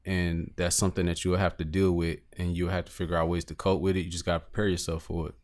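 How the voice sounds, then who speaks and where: Low-voiced man, relaxed casual talk. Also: fast talker. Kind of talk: casual chat.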